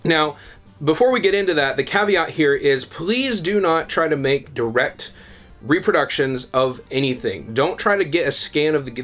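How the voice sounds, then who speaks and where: Chatty man hosting a casual how-to. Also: mid-range voice. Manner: relaxed and chatty, with many ums and uhs. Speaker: video channel host.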